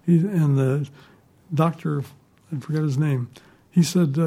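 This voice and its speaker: A man's voice: on the high side, steady tone, unhurried, dark tone, breathy edge. An older man, a retired newspaper reporter, telling rambling stories in an interview. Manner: rambling, chuckling anecdotes. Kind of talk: storytelling in an interview.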